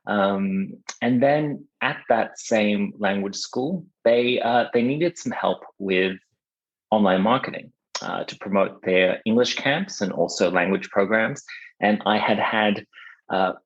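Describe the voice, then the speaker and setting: A man with a low, gravelly voice answers interview questions easily, laughing often and dotting his speech with fillers. His voice comes through a muffled, lo-fi recording. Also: slow. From Australia. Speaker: podcast guest, marketing agency founder.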